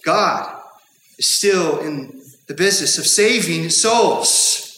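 A man preaches an earnest sermon from the pulpit, building emphasis with repeated phrases. His voice sits high and comes across bright and forceful. The recording carries the echo and long reverb of a church sanctuary. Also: lively intonation, takes it slowly. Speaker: pastor.

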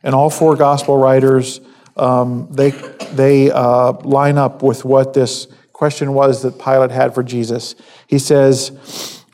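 A man giving a conversational sermon, halting with fillers and restarts, acting out quoted lines. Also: medium pitch, little pitch movement, mellow. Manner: acts out quoted speech. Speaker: preacher.

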